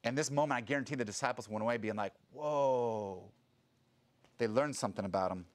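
A man giving a sermon as a pastor, talking casually and acting out quotes in a louder voice. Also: medium pitch, racing. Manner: conversational, animated preaching with sudden loud acted quotes.

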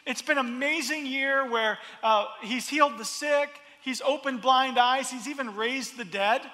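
A man preaching a sermon, expressive and repeating his words as he builds each point. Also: very high-pitched, moderate pace, long reverb tail. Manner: expressive, acts out crowd voices, repeats words. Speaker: pastor.

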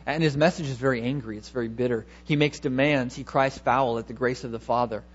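A man's voice: mid-range voice, fairly even intonation, brisk, highs cut off. A man preaching a sermon, emphatic, repeating key words and asking rhetorical questions.

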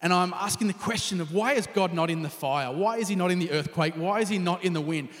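A man with a high, light voice gives a relaxed, conversational sermon to a gathered congregation. His words ring with the long reverb of a church hall, and now and then he sinks to a hushed near whisper. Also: fast talker, few pauses. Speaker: pastor.

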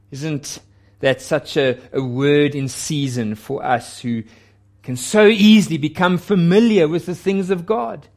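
Slow, earnest higher-voiced male preacher. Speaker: pastor. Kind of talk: sermon.

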